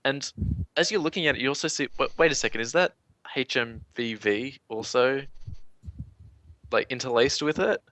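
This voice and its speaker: A man narrating a tabletop role-playing session over a voice call, rambling and searching for words as he describes each scene. His tone is bright and forward. The sound is close and dry, with no room around it. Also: mid-range voice, normal speed, no room sound. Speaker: game master.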